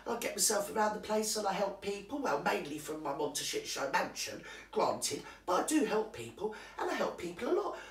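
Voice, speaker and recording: A vain, self-pitying posh woman who whines and fusses, as a performer puts her on. Her voice rises higher and lively. The sound is roomy and heard from a step off the mic. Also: normal speed, creaky, few pauses, distant mic. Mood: whiny.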